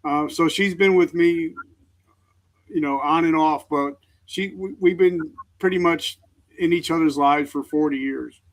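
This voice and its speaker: Middle-aged guy, kinda high voice, earnest and halting, opening up in an interview. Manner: earnest, halting, emotionally open. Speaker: guest, veteran author and speaker. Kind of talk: candid interview talk.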